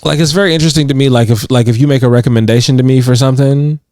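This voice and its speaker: A man co-hosts a podcast from a couch indoors, rambling very fast in a mid-range, slightly mellow voice with fairly even intonation, lots of "like" fillers and frequent laughs. The audio is studio quality with no room sound.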